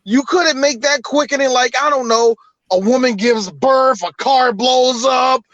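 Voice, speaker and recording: High-voiced animated podcast co-host man. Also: measured pace, dry recording, muffled recording. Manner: animated, laughing, swearing. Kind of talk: casual chat.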